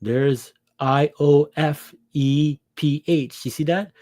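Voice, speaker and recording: A man's voice: a little high, steady tone, slow, darkish tone, no echo, studio quality. A man preaching an impassioned scripture lesson, pressing his listeners with rhetorical questions. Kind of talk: impassioned religious teaching.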